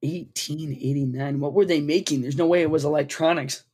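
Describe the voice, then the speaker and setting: A man with a slightly husky, fairly high voice co-hosts a casual podcast. He jokes constantly, laughs a lot and hams up silly fake sponsor reads. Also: steady tone, fairly quick, darkish tone. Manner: joking, laughs often, mock ad pitch. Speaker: podcast co-host. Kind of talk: casual chat.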